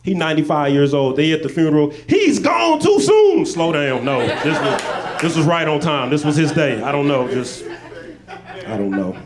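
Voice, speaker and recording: A man from Arkansas, doing stand-up storytelling on stage with laid-back, deadpan asides. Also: a little high, normal speed. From Little Rock, Arkansas. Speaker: stand-up comedian. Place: stage at a live show.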